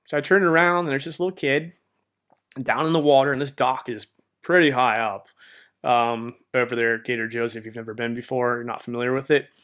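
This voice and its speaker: A man's voice: mid-range voice, steady tone, brisk, a bit bright. Man in mid register, loose heartfelt storyteller for a faith podcast, leans on fillers. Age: adult with a marriage behind him. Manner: rambling, heartfelt, heavy use of fillers like "man" and "you know". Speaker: podcast host. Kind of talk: personal faith testimony, casual storytelling.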